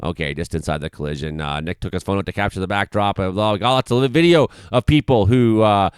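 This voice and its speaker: A man's voice: sits low, quick pace, clean tone, dry recording, studio quality. A man in his forties, hosting an irreverent comedic news commentary with chuckles and swearing. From Canada. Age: 40s. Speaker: host.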